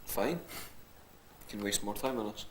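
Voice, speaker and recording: A man's voice: fairly low pitch, measured pace, low-quality recording. A man in a band trading sardonic banter with his bandmates. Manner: sardonic, wry. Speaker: band member. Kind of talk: joking banter among friends. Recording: loud background noise.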